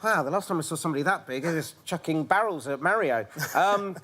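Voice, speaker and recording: A man's voice: on the high side, animated, quick pace, sharp tone, a little hiss or hum. A man hosting a studio comedy show, playful and fond of corny dad jokes. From United Kingdom. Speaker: host.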